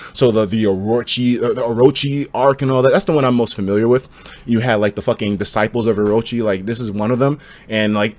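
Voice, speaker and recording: A young man reads chat on a livestream, using slang and profanity while swinging from hyped outbursts to low mumbling. There's no echo on the recording.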